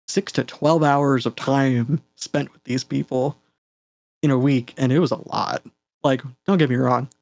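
A man's voice: mid-range voice, creaky, darkish tone, no room sound. Chatty Canadian man, dry close sound. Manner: chatty, laughs often, many fillers and restarts. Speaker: guest game designer. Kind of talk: casual fireside chat.

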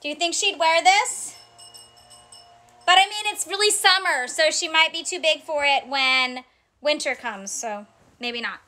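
A woman with a very high, bright voice runs a casual live clothing sale. She talks unhurriedly, chatting to her viewers as she reads out sizes and prices one by one. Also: unhurried. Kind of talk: casual live-stream selling chat.

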